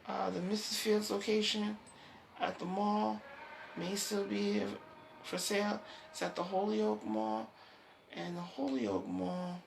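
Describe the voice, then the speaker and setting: A woman hosting her own talk show, rambling from topic to topic, restarting phrases and laughing softly. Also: mid-range voice, vocal fry, background noise. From United States. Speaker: show host.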